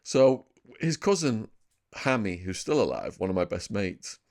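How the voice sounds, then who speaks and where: A man in his fifties from England with a northern English accent, a podcast guest telling lively anecdotes about his life in a casual interview. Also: on the low side, measured pace. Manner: lively anecdotal storyteller, laughs at his own tales.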